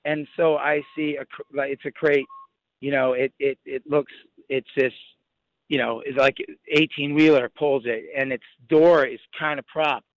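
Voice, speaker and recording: A man's voice: medium pitch, fairly even intonation, no echo. A young man speaks over a muffled phone line, tripping over his words as he relives a frightening night. His sentences break off and restart as he goes. The sound is dry and close, with no room around it. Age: young adult. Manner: halting, many restarts, vivid retelling. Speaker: phone-in guest. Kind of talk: emotional first-hand account. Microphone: phone call.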